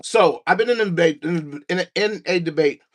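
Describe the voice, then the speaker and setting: A man's voice: high voice, brisk. A man hosting a casual livestream from his basement, talking to his chat and his dog, a little out of breath. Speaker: livestream host. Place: home basement studio. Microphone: no mic, room sound.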